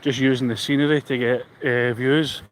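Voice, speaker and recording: A man's voice: medium pitch, fairly even intonation, moderate pace, low-quality recording. A Scottish man chatting casually as a vlogger at a windy harbour, rambling and reading out viewer comments. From Scotland. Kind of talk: casual live-stream chat outdoors. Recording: loud wind noise on the mic.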